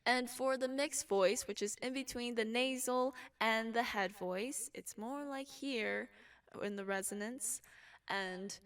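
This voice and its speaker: A young woman teaching a casual singing lesson, explaining calmly between sung examples. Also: fairly high pitch, slow, smooth, far from the mic. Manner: relaxed explaining, with sung demonstrations. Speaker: vocal instructor.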